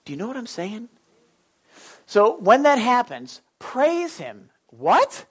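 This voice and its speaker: A man preaching a sermon, telling stories and acting out his own thoughts in an animated way. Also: extremely high pitch, slow pace, breathy edge.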